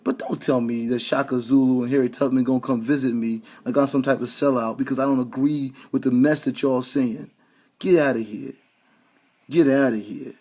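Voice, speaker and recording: A man with a husky voice at an ordinary middle pitch, ranting sarcastically about politics. He talks straight at his listeners in loose, colloquial speech, and he keeps stumbling into repeated words as he pushes on. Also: little pitch movement, brisk, hardly any pauses, warm tone. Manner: sarcastic, heated, stammering repeats; addresses listeners directly, colloquial. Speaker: commentator.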